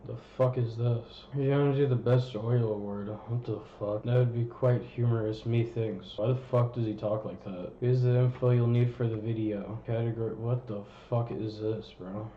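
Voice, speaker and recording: A man's voice: fairly low pitch, steady tone, moderate pace, hardly any pauses. A man chatting casually, profane and incredulous, in a roomy, echoey space. The dull mic carries a faint hiss of background noise.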